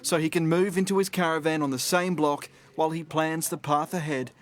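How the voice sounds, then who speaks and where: Male reporter, slightly high pitch, gentle and measured. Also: steady tone. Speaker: news reporter. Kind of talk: news report voice-over.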